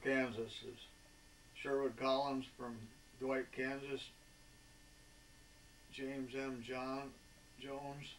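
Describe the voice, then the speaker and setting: A man in his eighties, a veteran, recalling his wartime years in a folksy, rambling way with many filler pauses. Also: medium pitch. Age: 80s. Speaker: veteran interviewee. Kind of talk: oral history reminiscence. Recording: distant mic with faint background noise.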